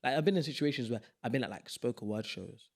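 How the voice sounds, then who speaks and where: A young man, a podcast guest in casual, animated chat. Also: medium pitch. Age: young adult. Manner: animated, playful, quick bursts of emphasis.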